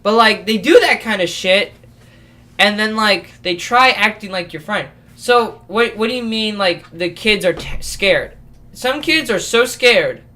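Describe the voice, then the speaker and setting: A man's voice: high-pitched, animated, unhurried, bright, forceful tone. A young man in his late teens rambling through a casual podcast rant, swearing and restarting his sentences often. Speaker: vlogger.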